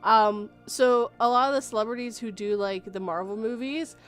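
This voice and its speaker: A woman hosting a casual live-stream chat, animated and quick to laugh. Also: on the high side, clear, resonant tone, faint music behind. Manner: animated, laughs often, acts out quotes.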